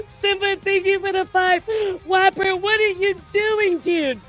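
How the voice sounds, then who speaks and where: Very high-voiced excitable streamer woman. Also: low-quality recording. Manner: excitable, laughing, swearing, stammering repeats. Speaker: livestreamer. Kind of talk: casual livestream chat with viewers.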